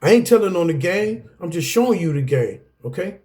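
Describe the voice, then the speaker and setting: A middle-aged man with a fairly high voice speaks in an anger management class. He tells his own story like a preacher, animated and direct, and keeps calling out to the listeners. He often swings his pitch up and down for emphasis. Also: brisk. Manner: animated, preacherly, repeats "guess what" and "y'all". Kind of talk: personal testimony lecture.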